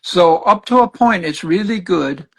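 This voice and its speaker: Gravelly older man counseling. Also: high voice, a little slow, poor audio. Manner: animated storytelling, acts out clients' words. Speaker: spiritual counselor, guest. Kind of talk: conversational teaching.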